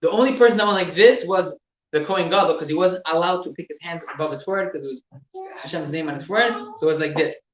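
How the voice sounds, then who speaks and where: A man teaching religious laws to a class, explaining step by step with halting repeats and gestures. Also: fairly high pitch. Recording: echoey room, distant mic, dull sound with faint noise.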